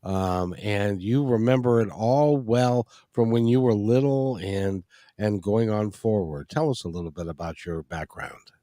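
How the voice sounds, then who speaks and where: A man's voice: fairly low pitch, unhurried, mellow, dry recording, studio quality. A man hosting a talk radio show, chatting in a folksy, rambling way with many restarts. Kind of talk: casual interview chat.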